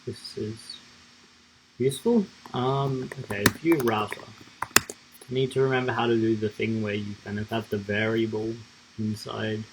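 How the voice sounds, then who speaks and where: A man's voice: on the low side, fairly even intonation, moderate pace, noisy background. A man streaming himself coding live, thinking aloud in a rambling, casual way with lots of fillers.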